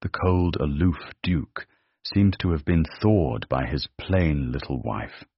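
A man narrating a period romance story in a measured, dramatic manner. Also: rumbling low, expressive, breathy edge, dry recording. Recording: dry, dull lo-fi.

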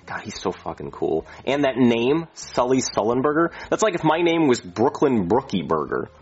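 A reckless male airline pilot, as a man plays him, rambling and boastful, swearing freely. His pitch moves a lot, and his voice is slightly husky. The recording is muffled and lo-fi. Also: very animated, moderate pace.

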